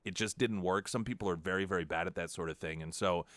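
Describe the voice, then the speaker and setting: A man's voice: sits low, fast talker, fairly bright tone, no room sound. A male talk radio host giving sarcastic, mocking political commentary in a studio. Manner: sarcastic, mocking, with frequent restarts. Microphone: studio microphone.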